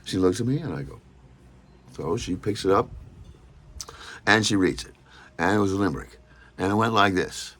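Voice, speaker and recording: A man hosting a podcast and telling a story in a casual way, animated and stammering as he acts out other people's lines. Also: deep voice, moderate pace, pauses often. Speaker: podcast host.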